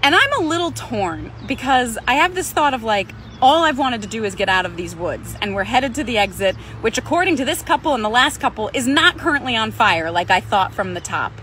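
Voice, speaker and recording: A woman's voice: a little high, expressive, brisk, few pauses, pushed and bright, a little hiss or hum. A woman, a Pilates instructor, telling a personal story in a conversational way, acting out other people's lines.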